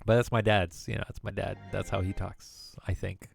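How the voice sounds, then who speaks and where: A man's voice: low voice, flat delivery, moderate pace, vocal fry, husky, no echo, soft background music. A man in his late thirties, from the former Soviet Union, streaming from home and chatting in a rambling way, often laughing and restarting sentences. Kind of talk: casual rambling chat.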